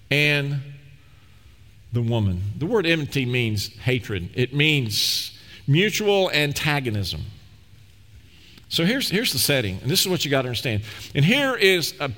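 A man preaching a sermon as pastor, telling stories with lively swings between loud, rising passages and hushed, low ones. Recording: long echo of a large hall.

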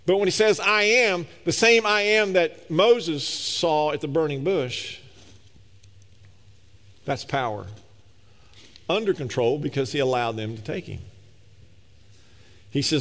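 A man's voice: on the high side, animated, takes it slowly, long pauses, fairly bright tone, big-room sound. A man preaching a sermon, emphatic and speaking straight to his listeners. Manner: emphatic, addresses the congregation directly.

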